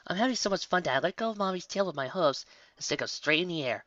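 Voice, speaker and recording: A woman reading a fan story aloud with expressive storybook narration. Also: on the low side, fast talker, no room sound, lo-fi sound. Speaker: story reader.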